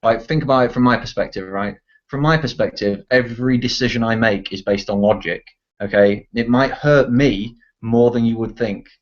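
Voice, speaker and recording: A man's voice: mid-range voice, moderate pace. A young man in casual online voice chat, ranting bluntly and swearing often. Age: teens. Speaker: discussion participant. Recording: dull lo-fi voice chat audio.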